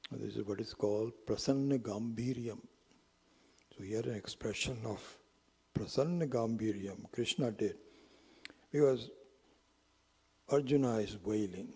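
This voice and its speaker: A man with a very husky, breathy voice tells a teaching story. His tone is dark and mellow, and he sits on the lower side. He often drops into whispered asides, and his voice trails in a long reverb. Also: unhurried, pauses often. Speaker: spiritual teacher. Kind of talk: storytelling lecture.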